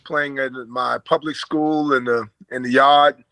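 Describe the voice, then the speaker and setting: An older man from Brooklyn with an American accent and a slight Australian twang, chatting as an interview guest and telling stories in a relaxed way with fillers and chuckles. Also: mid-range voice, a little slow, no echo, rough recording. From Brooklyn, New York. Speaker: guest, former basketball player. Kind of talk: casual storytelling in an interview.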